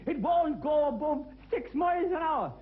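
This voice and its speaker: A man voicing a dim, stubborn uncle complaining in a slow, indignant comic delivery, on a tinny worn 1970s TV tape. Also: very high-pitched, animated, pitched above the performer's own voice.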